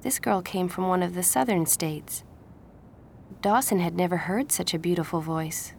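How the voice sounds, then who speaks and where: A woman reading a storybook aloud at a slow, steady pace. Her voice sits slightly low with a gravelly edge, and a faint rumble sits under the recording. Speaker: audiobook narrator. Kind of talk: scripted storybook narration.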